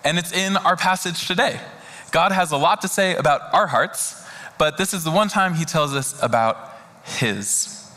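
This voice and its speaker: Bright-voiced pastor preaching in a reverberant hall. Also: male voice, a little high. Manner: earnest, conversational preaching with slow, hushed scripture reading. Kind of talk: sermon. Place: church sanctuary. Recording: long reverb of a large hall.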